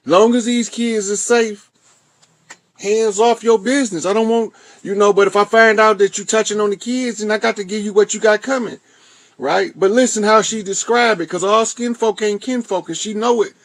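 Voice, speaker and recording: A man's voice: sits high, steady tone, normal speed, no echo. Slangy Southern man commenting. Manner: casual, slangy, profane. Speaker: host. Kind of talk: commentary on a played clip.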